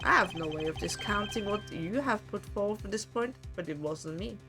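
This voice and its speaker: A woman voicing a calm, formal male prosecutor who speaks in a measured, polite way. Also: mid-range voice, over music, close to an everyday voice.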